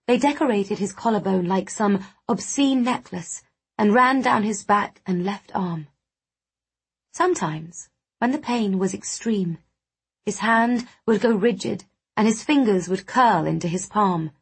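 A woman narrating a first-person audiobook in a measured storytelling manner. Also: medium pitch, breathy edge.

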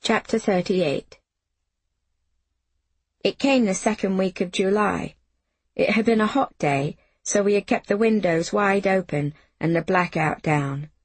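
A woman narrating a novel in the first person, in an unhurried, measured audiobook reading. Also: mid-range voice, slightly rough, dry recording.

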